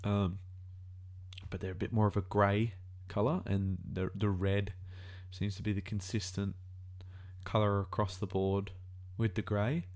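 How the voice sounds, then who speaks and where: Man, 20s, Australian accent, fairly low voice, rambling reaction commentary, thinking aloud. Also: level tone, measured pace, a little mellow. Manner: musing aloud, rambling, self-correcting. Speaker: video reactor.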